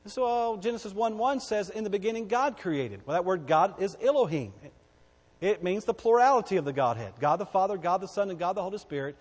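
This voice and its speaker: A man preaching a sermon, emphatic, asking the congregation questions and swinging between loud declarations and hushed lines. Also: sits high, expressive, fairly quick, husky. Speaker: pastor. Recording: long hall reverb.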